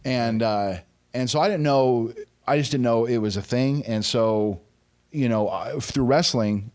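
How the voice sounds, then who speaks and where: A man's voice: medium pitch, unhurried, darkish tone, smooth. A man in his forties speaks as a podcast guest in easy, conversational chat. His voice sits in a middle register, and he tells candid, self-deprecating stories full of restarts and asides. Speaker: podcast guest, former pro wrestler.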